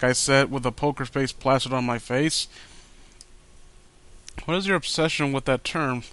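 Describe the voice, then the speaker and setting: A man's voice: medium pitch, fairly even intonation, moderate pace, a bit bright, faint music behind. A man hosting a mocking dramatic reading of fan fiction, with sarcastic asides and frequent stumbles over words.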